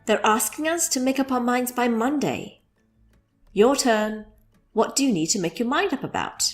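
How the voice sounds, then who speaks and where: A woman teaching an English expression, speaking clearly and modelling phrases slowly for learners to repeat. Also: on the high side, expressive, soft background music. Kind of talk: scripted English lesson.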